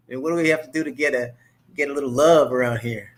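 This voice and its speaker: A man's voice: mid-range voice, fast. A man hosting his own talk show, chatting in a casual, rambling monologue full of fillers and restarts. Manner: mimics others' voices in animated quotes.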